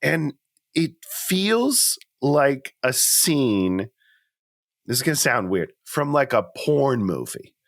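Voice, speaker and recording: A man co-hosting a podcast, talking through a movie in an animated, playful, chatty way. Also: mid-range voice, slow pace. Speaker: podcast co-host. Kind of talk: casual chat.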